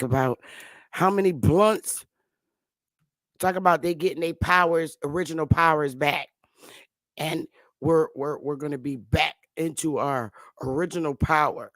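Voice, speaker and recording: A man's voice: on the high side, measured pace, fairly bright tone, no room sound, studio quality. A man hosting his own online show, ranting casually to viewers in a loose, mocking, slangy way, full of asides and restarts.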